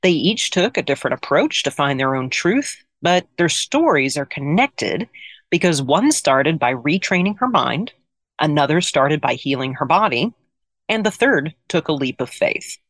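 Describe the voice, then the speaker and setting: Lively woman host, dry close mic. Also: deep voice, moderate pace, dry recording. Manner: conversational, asides to the listener. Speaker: podcast host. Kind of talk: scripted narration.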